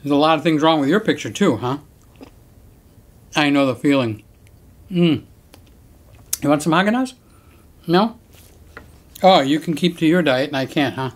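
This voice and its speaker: A man's voice: fairly high pitch, lively intonation, normal speed, long pauses. A middle-aged man chatting casually in a home unboxing vlog, joking around and talking to his pets in a Christmas-decorated room. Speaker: camera vlogger.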